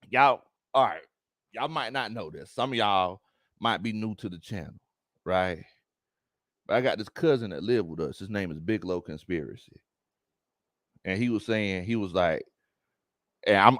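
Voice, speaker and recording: A man's voice: mid-range voice, dry recording, studio quality. A man hosting a live sports chat, reading viewer comments, teasing his audience and laughing often. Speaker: sports talk host.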